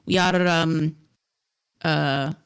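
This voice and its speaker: A woman's voice: deep voice, fairly even intonation, very slow, smooth. A woman playing a tabletop game, chatting casually and rambling as she searches for words. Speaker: player.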